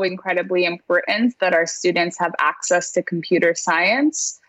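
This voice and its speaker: A woman's voice: lowish voice, moderate pace, hardly any pauses, fairly bright tone, dry recording, low-quality recording. A woman math teacher speaking earnestly in a casual conversation, often laughing as she talks and filling her sentences with "like.". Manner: earnest, laughs while talking, many "like"s.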